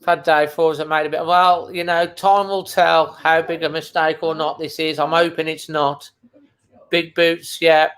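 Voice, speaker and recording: A middle-aged man hosts a live football fan stream. His voice sits a little high and comes across bright and forward, but his pitch barely moves. He talks casually and emotionally, holding back tears and repeating phrases. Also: little pitch movement, measured pace. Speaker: fan channel host. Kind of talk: live match watchalong commentary.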